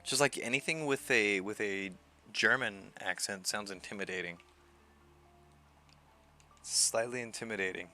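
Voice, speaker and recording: Guy streaming live, talks slow with a bright edgy tone, keeps chuckling and repeating himself while reading chat. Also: fairly low pitch, faint music behind.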